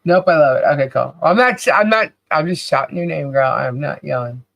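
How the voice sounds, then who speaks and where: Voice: mid-range voice, animated, brisk, vocal fry, a bit bright, dry recording, highs cut off. A podcast co-host chatting casually on a livestream, cheerfully calling out viewers' names and laughing often.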